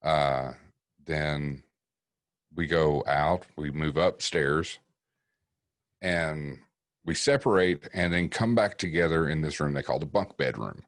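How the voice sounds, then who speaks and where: Very deep-voiced man. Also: takes it slowly, dry recording, studio quality. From East Tennessee. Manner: profane, vivid storyteller acting out quotes. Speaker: paranormal investigator guest. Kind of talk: casual storytelling on a podcast.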